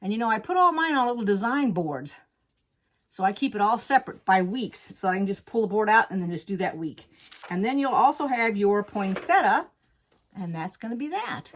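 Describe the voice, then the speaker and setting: At her home sewing table, a woman hosting a quilting channel walks through cutting fabric step by step, chatty and folksy, pausing to correct herself. She's slightly out of breath, with a mid-range, very animated voice at a moderate pace.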